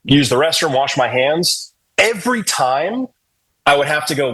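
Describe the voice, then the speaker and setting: A man's voice: a little high, big pitch swings, moderate pace, pushed and bright, low-quality recording. A man from New Hampshire, a podcast guest, telling casual stories in a laid-back way, swearing freely, with lots of fillers. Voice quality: husky. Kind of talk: casual storytelling.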